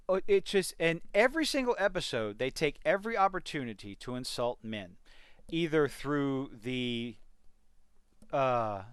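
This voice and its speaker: A man's voice: fairly high pitch, a bit bright, clear, resonant tone, dry recording. A man giving an exasperated, sarcastic rant in a video review of a TV series. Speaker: TV review vlogger.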